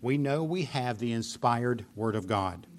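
A man's voice: medium pitch, animated, measured pace, slight background noise. A man preaching a sermon, explaining scripture earnestly and pressing points with emphatic repetition. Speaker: pastor.

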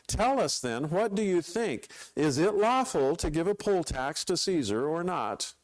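A man voicing sarcastic, scheming male questioners in a mocking, high sing-song while reading scripture aloud. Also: very animated, a little slow, no echo.

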